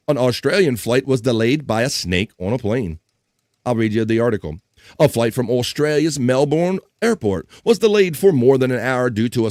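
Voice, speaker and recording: A man hosts a laid-back live stream, cracking jokes as he reads out news articles and viewer comments. His voice sits at a mid pitch and the sound is dry and close, with no room echo. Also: a little mellow. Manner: joking, reads chat comments and articles aloud, laughs often. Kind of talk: casual joking chat and reading news aloud.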